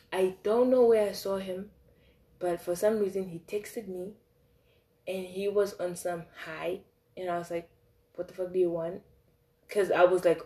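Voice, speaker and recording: A young woman telling a casual storytime. She talks in a chatty, animated way, with lots of fillers and swearing. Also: on the low side. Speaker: vlogger.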